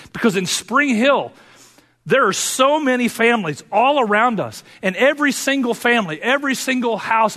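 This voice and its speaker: An earnest male pastor delivering a sermon in a church sanctuary, his voice sitting a bit high for a man. He moves between fervent urging and quiet, personal confession. A long hall reverb trails each phrase.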